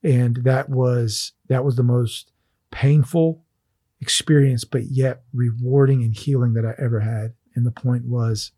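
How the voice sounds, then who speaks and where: A man's voice: medium pitch, steady tone, measured pace, warm tone, breathy edge, no room sound, clean studio sound. A man hosting a faith conversation, telling a personal testimony in an earnest, emotional way.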